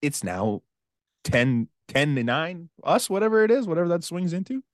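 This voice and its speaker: A man co-hosting a sports podcast, talking in a casual, animated way with quick asides and frequent laughter. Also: on the high side, no echo, clean studio sound. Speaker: podcast co-host.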